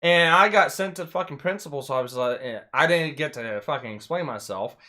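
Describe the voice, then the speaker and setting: A man's voice: mid-range voice, brisk. A young man telling a school story in a casual chat, swearing freely and acting out the moments in a raised voice. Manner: animated, swearing, retells scenes in raised quoted voices. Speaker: podcast host.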